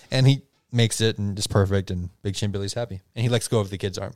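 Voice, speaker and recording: A man's voice: fairly low pitch, steady tone, fast, a little mellow. A man acting as game master, loosely narrating an improvised comedy role-play game and laughing along.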